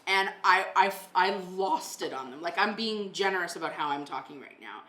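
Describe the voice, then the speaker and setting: Bright-voiced, blunt woman podcast host. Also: fairly low pitch, animated, moderate pace, echoey room. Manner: blunt storytelling, heavy swearing. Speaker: podcast host and renovation company owner. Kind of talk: casual podcast chat.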